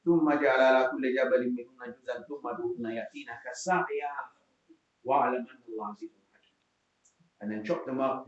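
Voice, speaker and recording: A man giving a mosque sermon as imam, impassioned and rising to shouts, with Arabic recitation woven in. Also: medium pitch. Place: mosque hall. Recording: very echoey, dull mosque hall.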